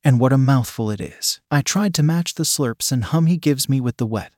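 A man reading a first-person story in a steady scripted narration. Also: medium pitch, moderate pace, no room sound, studio quality. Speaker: story reader.

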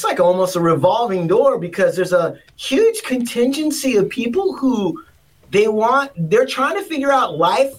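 A man's voice: very high voice, fairly bright tone, far from the mic. A man co-hosting a casual podcast, telling rambling stories with many restarts and acting out other people's lines. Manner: rambling storyteller, acts out others in funny voices. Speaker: podcast co-host. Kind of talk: casual chat.

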